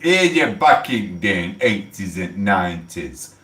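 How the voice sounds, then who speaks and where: A man's voice: low voice, big pitch swings, a little slow, a bit bright, echoey room, recorded from a distance. A middle-aged man from England with a South Yorkshire accent, chatting on a livestream in a blunt, swearing, mock-outraged way. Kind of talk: casual livestream chat.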